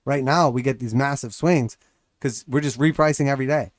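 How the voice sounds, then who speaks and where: Man, market commentary host, blunt and sarcastic, middle pitch, dry close sound. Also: a little fast, no room sound. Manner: blunt, sarcastic, acts out mocking voices. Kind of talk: casual live market commentary.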